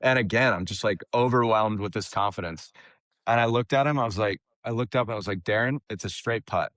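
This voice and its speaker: A young man with a low, deep voice recounts a story in a casual podcast chat. He is animated, laughs often and restarts his phrases. The sound is dry and close. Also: brisk, no echo. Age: young adult. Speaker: caddie, podcast guest.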